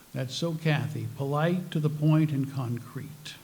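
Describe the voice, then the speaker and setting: Slow, mellow older man telling stories. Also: fairly high pitch. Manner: storytelling, self-mocking humor. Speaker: speaker. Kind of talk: personal talk to a spiritual group.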